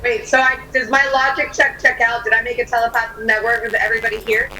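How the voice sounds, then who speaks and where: A woman's voice: fairly high pitch, level tone, fast talker, bright, forceful tone, distant mic, rough recording. Eager woman player over music. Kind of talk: casual tabletop play. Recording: music playing behind.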